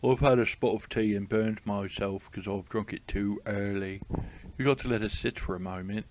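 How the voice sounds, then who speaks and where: A man's voice: lowish voice, steady tone, normal speed, a little mellow, slight background noise. A man reading jokes aloud and commenting on them in a dry, amused, casual way. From United States. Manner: dry, amused, chuckling asides. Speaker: comedic reader of tweets.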